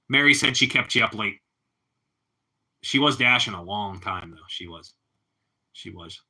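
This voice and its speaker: Man with a very bright, sharp voice. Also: on the low side, lively intonation, measured pace, pauses often, husky. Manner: laid-back, laughs often, ends lines with bro and man. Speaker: livestreamer. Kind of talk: casual livestream chat with viewers.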